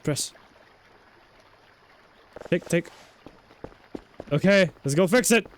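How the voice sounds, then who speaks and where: A man's voice: sits high, expressive, extremely slow, a little hiss or hum. A man streaming a game in casual commentary, chatty, swearing and joking while talking to his chat.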